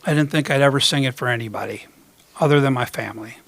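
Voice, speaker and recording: A man's voice: medium pitch, fast talker, gravelly, fairly bright tone, faint music behind. A middle-aged man and ukulele performer telling rambling, self-mocking stories between songs on a coffee house stage. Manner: chatty, rambling, self-mocking, many fillers. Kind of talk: storytelling stage banter.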